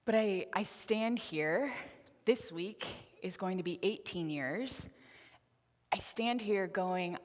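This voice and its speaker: A woman in her twenties giving a candid, conversational sermon with a personal story in a church. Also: fairly low pitch. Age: 20s. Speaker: preacher. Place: church sanctuary. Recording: reverberant church hall.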